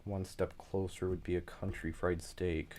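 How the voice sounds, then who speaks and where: A man's voice: low voice, flat delivery, unhurried, a little mellow. A man with a slight Southern US twang, rambling in casual chat while building a game level and apologizing for going off track. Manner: rambling, chatty, apologetic asides. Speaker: level creator streaming.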